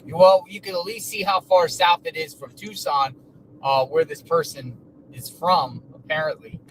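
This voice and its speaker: A man's voice: on the high side, expressive, normal speed, a bit bright, poor audio. A man on a livestream, chatting casually while driving and reading out news updates. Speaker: livestream co-host. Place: inside a moving car. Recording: road noise from a car.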